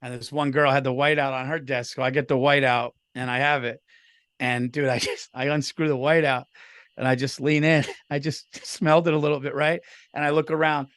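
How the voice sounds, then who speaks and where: A man's voice: medium pitch, level tone, a little fast, fairly bright tone, no echo, studio quality. A middle-aged man co-hosting a podcast, telling stories in casual chat, swearing freely and laughing as he talks. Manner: swearing storyteller, laughs through his stories. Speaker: podcast co-host.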